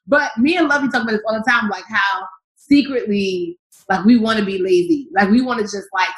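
A woman comedian, a guest in an interview, talking in a lively, animated way and acting out quotes in high voices. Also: a little fast. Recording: roomy echo.

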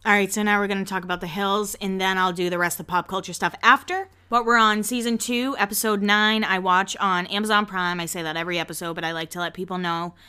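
Smooth, pushed and bright, this woman's medium-pitched voice holds a fairly even intonation. As a podcast host, she gossips chattily about reality TV, peppering her pop-culture recap with quick asides.

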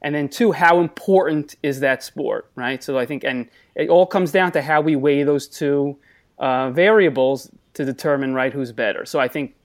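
A man's voice: a little high, normal speed. A man with a thick Long Island accent, a talkative, analytical guest judge on a casual podcast, mocking himself as he goes. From Long Island, New York.

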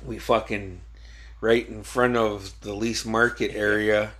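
A man's voice: fairly low pitch, little pitch movement, a little slow, a bit bright. A man hosting a podcast, casually telling old stories with frequent swearing and laughter. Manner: laid-back storytelling with frequent swearing and laughs. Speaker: podcast host. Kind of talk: casual chat.

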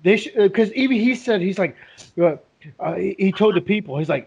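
A man's voice: sits high, lively intonation, fairly quick, vocal fry, a little mellow, husky, lo-fi sound. A man co-hosting a podcast in casual chat, rambling, swearing and laughing often. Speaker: podcast co-host.

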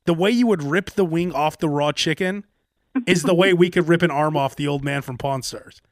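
A man co-hosting a casual wrestling podcast who laughs a lot and breaks into loud mock shouts. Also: fairly high pitch, moderate pace, dry recording, clean studio sound. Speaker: podcast co-host. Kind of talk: casual chat.

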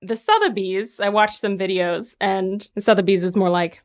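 A woman's voice: medium pitch, fairly even intonation, normal speed, hardly any pauses. A woman co-hosting a radio show who chats in an amused way with the guest. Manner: amused, chatty.

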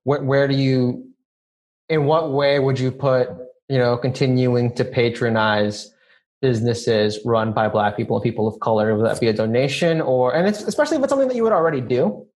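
A man chatting casually as a podcast guest, laid-back, laughing often, with halting restarts. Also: mid-range voice, a little mellow. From Filipino heritage. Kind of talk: casual chat.

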